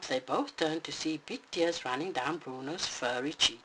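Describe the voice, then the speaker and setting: A narrator reading a bedtime storybook aloud in an expressive, animated way. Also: mid-range voice, moderate pace, hardly any pauses, slight background noise, rough recording.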